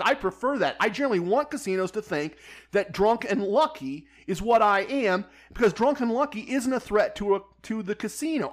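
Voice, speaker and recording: A man telling a personal anecdote in a wry, deadpan way. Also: sits high. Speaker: storyteller.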